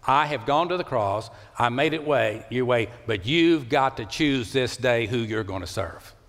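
A man's voice: lively intonation, unhurried. Male pastor, impassioned sermon, big dynamic swings, long church-hall reverb. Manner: impassioned, swings from loud rising calls to low hushed lines. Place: church sanctuary.

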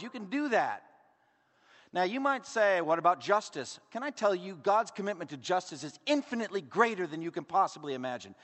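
A man preaching a sermon with emphatic rhetorical questions, swinging from loud declarations down to hushed asides. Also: high voice. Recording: long hall reverb.

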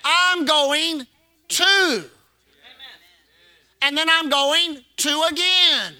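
A man's voice: extremely high pitch, extremely slow, pushed and bright. A man preaching a sermon as pastor, repeating phrases and calling the congregation to respond. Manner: preaching with call-and-response and repetition.

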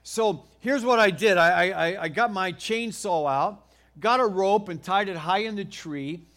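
A middle-aged American man preaching a sermon, telling a homey story in a folksy, animated way with frequent restarts. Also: sits high, measured pace. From United States. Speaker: pastor.

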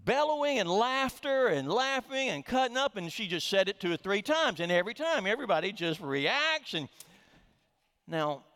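A man's voice: high voice, very animated, moderate pace, sharp tone. A middle-aged man preaching a sermon as a pastor, telling a humorous story with frequent restarts, in a reverberant sanctuary. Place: church sanctuary.

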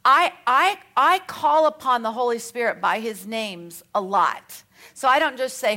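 A woman with an Australian accent, a Bible teacher, speaks at a measured pace in a slightly high, expressive voice with a sharp tone. Her teaching on scripture is chatty and conversational, with light self-mocking asides, and she reads scripture aloud between remarks.

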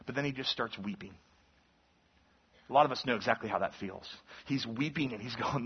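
A man's voice: medium pitch, expressive, fairly quick, slightly rough. A man in his thirties, a pastor giving a conversational sermon that teaches from the Bible and acts out the lines he quotes. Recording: dull lo-fi sermon recording.

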